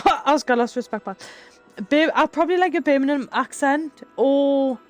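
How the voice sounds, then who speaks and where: A woman's voice: sits high, moderate pace, soft background music. Chatty Geordie woman streaming live. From Northeast England. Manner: chatty, reads chat aloud, swears casually, laughs often. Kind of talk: casual live-stream chat with viewers.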